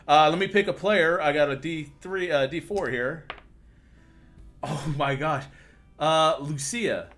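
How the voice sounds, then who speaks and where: A man narrating as game master for a tabletop game on a livestream, quick and often laughing, with some stumbles. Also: a little high, fairly bright tone, faint music behind.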